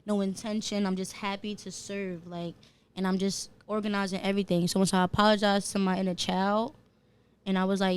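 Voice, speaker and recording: A woman's voice: mid-range voice, flat delivery, a little fast, clear, resonant tone. A woman with a New Jersey accent, a podcast guest in casual chat, telling an emotional story in slangy talk.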